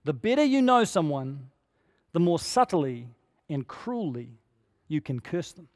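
A man's voice: on the high side, sing-song, a little slow, darkish tone, in a large hall. A man preaching a sermon as pastor, earnest and conversational, asking his listeners rhetorical questions.

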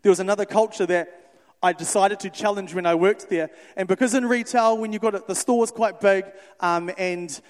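A young man, a youth worker telling stories in a sermon, animated and conversational, acting out the dialogue. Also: high-pitched, normal speed. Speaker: youth worker speaking to a church. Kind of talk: storytelling sermon. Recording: reverberant hall.

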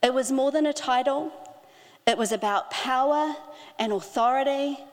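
A middle-aged woman preaching a sermon, earnest, slowing down to stress key phrases. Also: high-pitched. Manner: earnest, with slow emphatic phrasing. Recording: hall with long reverb.

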